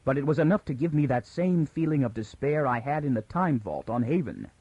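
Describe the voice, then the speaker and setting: A man voicing a frightened young woman who reasons tensely through her fear, pitched above his own voice. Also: sing-song, fairly quick, dark tone, husky, no echo, muffled recording. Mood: uneasy.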